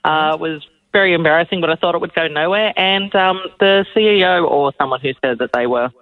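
A woman calling into a radio show, telling her story hesitantly with many pauses. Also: deep voice, no echo. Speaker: caller. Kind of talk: phone-in story. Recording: tinny phone line.

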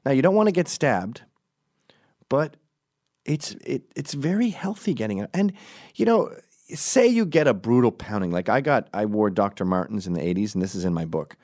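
A man's voice: medium pitch, big pitch swings, normal speed, darkish tone. A middle-aged man telling a story in a casual, riffing way, often jumping into quoted voices.

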